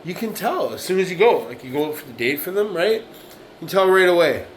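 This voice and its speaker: A man's voice: high-pitched, big pitch swings, fairly quick, slight background noise, poor audio. A man in his late forties giving a blunt, profane monologue, repeating himself and often asking "right?". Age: 40s. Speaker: vlogger. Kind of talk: casual monologue to camera.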